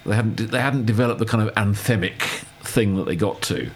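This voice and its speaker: A man's voice: on the low side, a little fast, slight background noise. A middle-aged man hosting a radio chat show, who talks casually and playfully, likes fancy words and leads a light quiz game.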